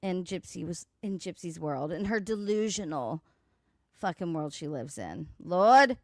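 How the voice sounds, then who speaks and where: Lady streamer roasting clips, slow talker, dry close sound. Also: on the low side, animated, no room sound. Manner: sassy, mocking, swears a lot, laughs at clips. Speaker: livestream host. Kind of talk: casual commentary livestream.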